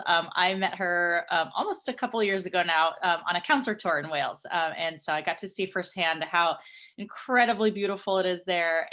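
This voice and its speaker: A woman school counselor opens an online session over a video call. Her voice sits slightly low, and her welcome is warm and full of fillers. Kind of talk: session introduction.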